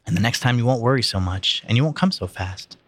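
A man reading aloud voices a scheming, menacing teenage older brother who taunts in low threats. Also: animated, quick pace, a bit bright, dry recording.

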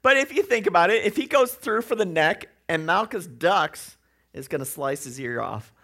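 A man's voice: sits high, expressive, moderate pace, sharp tone. A man preaching a sermon in a conversational way, with joking asides and rhetorical questions. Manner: acts out quoted voices.

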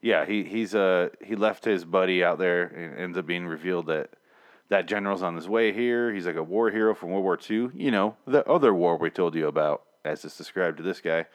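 A man hosting a casual chat, ranting in a profane, animated way. His voice sits a little low. He talks loosely, with restarts. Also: a little fast. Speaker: podcast host. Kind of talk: casual chat reviewing a TV episode.

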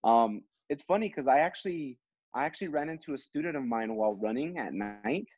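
A man's voice: mid-range voice, lively intonation, brisk, darkish tone, highs cut off, slight background noise. A man who is a teacher and co-hosts a podcast, telling a story in casual chat with many fillers and restarts.

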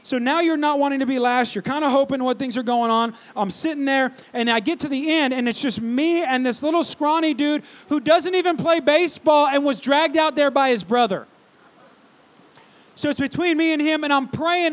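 A man's voice: extremely high pitch, normal speed. A young adult male pastor preaching to his church, telling a self-deprecating story and speaking directly to the congregation. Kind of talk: sermon.

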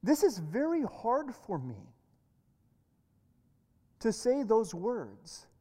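Brief: a calm, firm older woman, told by a woman preacher, measured and unhurried. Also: a little high, long reverb tail, heavily acted. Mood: steady. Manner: slow, measured and restrained.

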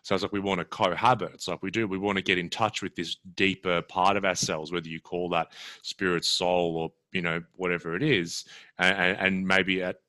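A man's voice: low-pitched, little pitch movement, a little fast, pushed and bright. A man chatting casually in a reflective, thoughtful way about working with clients. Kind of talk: casual podcast conversation.

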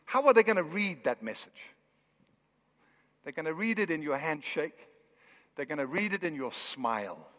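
A man preaching a sermon in a church, with animated, building emphasis. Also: fairly high pitch, moderate pace, pauses often, long reverb tail. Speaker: pastor. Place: church hall.

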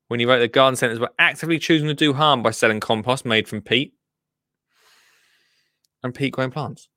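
Bright-voiced man hosting a podcast. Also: mid-range voice, fairly quick, no room sound, clean studio sound. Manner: rambling, self-interrupting, jokey. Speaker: podcast host. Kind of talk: casual podcast chat reading news.

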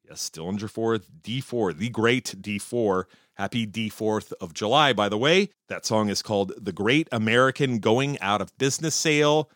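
A man's voice: fairly low pitch, a bit bright, no room sound, studio quality. A man hosting a podcast, ranting in a casual, profane and sarcastic way. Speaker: podcast host.

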